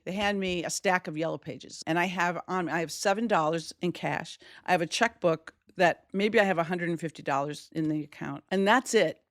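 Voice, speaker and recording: A woman's voice: on the low side, no echo, studio quality. A middle-aged woman from Wisconsin telling a personal story, acting out the voices she quotes. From Wisconsin, USA. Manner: animated, acts out quoted voices.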